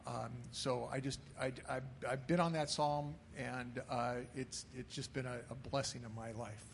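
Man, congregation member, halting delivery, faint room noise. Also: mid-range voice, steady tone, gravelly. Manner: hesitant, halting. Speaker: congregation member sharing testimony. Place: church sanctuary.

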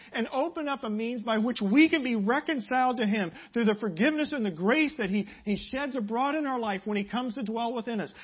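A man preaching a sermon as pastor, building to loud, emphatic passages and dropping to quiet prayer. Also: slightly rough, highs cut off. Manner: emphatic preaching, rising loud and high on key points.

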